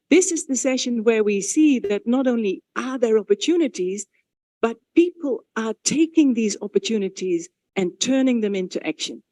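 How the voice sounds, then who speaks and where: A woman's voice: mid-range voice, dark tone, no echo. A woman moderating a conference, explaining the schedule to the audience in a chatty way with self-corrections. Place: conference venue.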